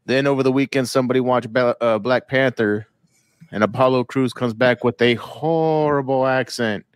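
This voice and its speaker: A man on a casual wrestling podcast who rants bluntly and swears without holding back. His voice sits at a middling pitch and sounds dry and close, with almost no room around it. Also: fairly even intonation, moderate pace, no echo. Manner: blunt, profane ranting. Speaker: podcast co-host.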